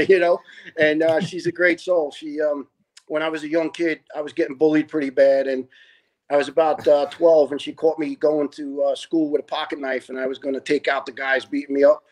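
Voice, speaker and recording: A man's voice: on the high side, level tone, brisk. A man in his fifties, a retired fire lieutenant from Staten Island, telling family stories in an earnest, heartfelt way as a podcast guest. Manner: earnest, heartfelt, acts out other people's words. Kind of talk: casual storytelling.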